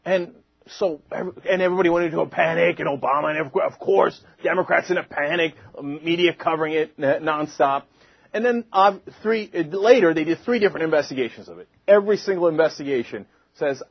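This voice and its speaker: Political talk host, male, husky, mocking and indignant, dull lo-fi recording. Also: high-pitched, no room sound. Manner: indignant, mocking, punchy delivery. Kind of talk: heated political commentary monologue.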